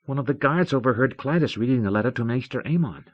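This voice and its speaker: A man voicing a chatty, curious young recruit who talks in a hushed, eager way, on a dull old tape. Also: medium pitch, lively intonation, fast, pitched above the performer's own voice, lightly acted.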